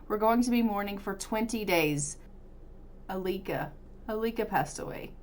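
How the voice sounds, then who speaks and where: A woman's voice: medium pitch, moderate pace, noisy background. A woman casually commentating her life-simulation gameplay as a let's-play host, chatty and upbeat. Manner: chatty, upbeat, narrates what she does in the game.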